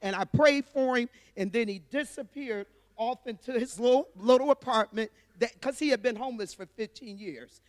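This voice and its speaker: A woman with a high-pitched voice shares a personal testimony with her church. She tells it earnestly and from the heart. Her voice is close and dry, but a long reverb trails behind it. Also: moderate pace, hardly any pauses. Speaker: church member sharing a testimony.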